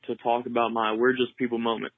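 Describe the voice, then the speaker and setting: A man's voice: medium pitch, completely flat delivery, quick pace, no room sound. A man from Arkansas with a Southern accent, calling in to a show in a laid-back, joking way. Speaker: caller. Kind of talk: phone call-in. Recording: tinny phone line.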